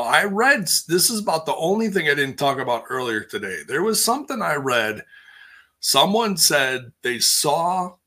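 In casual live-stream chat, a man with a medium-pitched, sharp voice rambles through a recap while reading viewer comments, full of fillers and restarts.

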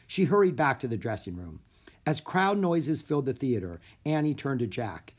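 A husky, mid-range voice reads a children's chapter book aloud at a moderate pace. The narration is animated and full of expression.

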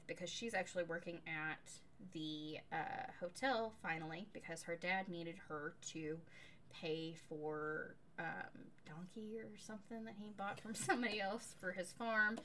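A woman co-hosting a casual book-review podcast, recapping a novel in an animated, sarcastic way and swearing casually. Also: lowish voice, a little slow, slight background noise. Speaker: podcast co-host.

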